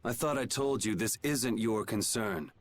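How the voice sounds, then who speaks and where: A man's voice: fairly low pitch, a little slow. An actor voicing a sardonic young male swordsman in a video game, with a dry, curt, dismissive manner. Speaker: game character.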